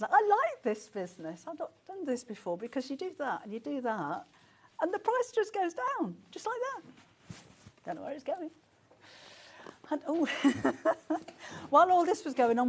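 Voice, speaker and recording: A woman presenting a live shopping channel, chatty and excitable, often gasping and laughing as she talks. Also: high-pitched, slight background noise. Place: TV studio.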